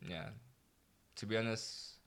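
A man's voice: lowish voice, steady tone, takes it slowly, a bit bright, clean tone. Rambling young man chatting. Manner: rambling, restarts, laughs often. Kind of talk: casual chat.

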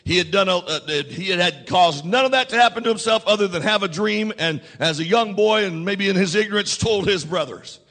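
This man's voice sits high and sounds a bit bright, moving briskly with few pauses, and the recording has a big-room sound. He's the pastor in a church sanctuary, preaching a sermon to his congregation with rising intensity and leading call-and-response prompts.

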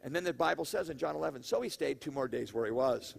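A high-voiced man preaching a lively sermon. He keeps it conversational, with laughing asides and questions thrown out to the congregation. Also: quick pace, gravelly, a little hiss or hum. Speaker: pastor.

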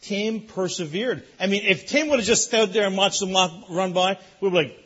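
A man preaching a sermon as a pastor, telling a lively story that builds in excitement. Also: sits high, normal speed, husky, highs cut off. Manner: animated storytelling, rising loud in excitement.

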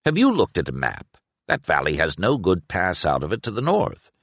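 A man's voice: low voice, huge pitch swings, normal speed, a bit bright, no room sound, full character voice. A man voicing a stern, impatient investigator in an audiobook, speaking in curt, clipped lines. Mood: terse. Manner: curt, clipped speech through gritted teeth. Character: stern grim male investigator, terse and impatient. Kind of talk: audiobook character reading.

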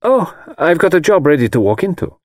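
A man's voice: on the high side, sing-song, brisk, no echo, studio quality, pitched above the performer's own voice. A man putting on a breezy, self-assured young woman. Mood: breezy, confident. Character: confident cheerful young woman, secretary.

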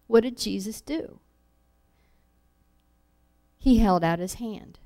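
A woman teaching a Bible lesson, reading verses aloud and acting out the quoted lines with animated emphasis. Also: on the high side, slow pace. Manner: animated, acts out scripture quotes.

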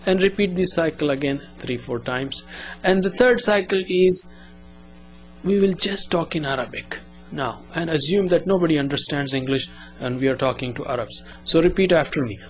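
A man teaching a language lesson, explaining step by step and drilling words slowly with repetition. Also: a little high, expressive, soft background music.

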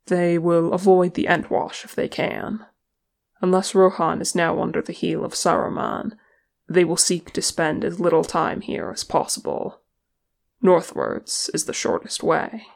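A woman's voice: fairly low pitch, level tone, unhurried, vocal fry. Woman reading as a stern ranger leader. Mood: solemn.

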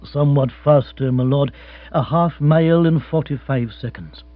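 A man doing a measured, formal butler. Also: on the high side, no room sound, lightly acted. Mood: deferential. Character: unflappable, learned male butler. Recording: tinny phone-like sound with mains hum.

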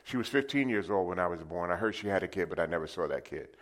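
Speaking fast in a low, expressive voice, an older preacher from New City in New York City shares his testimony. He tells his story in a conversational way and gets the congregation responding back to him.

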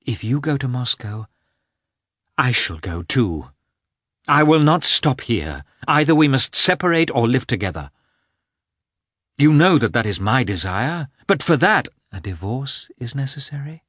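A man's voice: medium pitch, very animated, unhurried, a bit bright, no echo, studio quality, pitched above the performer's own voice. A man putting on a tense pleading noblewoman. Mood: pleading, agitated. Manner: emotional, raised and insistent. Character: passionate anxious noblewoman, jealous and pleading. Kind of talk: audiobook character voicing.

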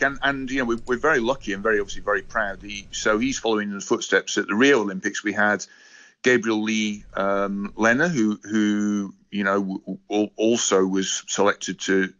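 A man's voice: on the low side, steady tone, moderate pace, a bit bright, lo-fi sound. A man on a radio show giving sports news in casual chat, full of fillers and restarts. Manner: hesitant, many fillers and restarts. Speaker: rugby union spokesman.

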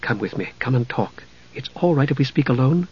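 A man reading an audiobook, voicing a young mage who speaks quietly, firmly and patiently. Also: mid-range voice, expressive, brisk, breathy edge, highs cut off. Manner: quiet, firm.

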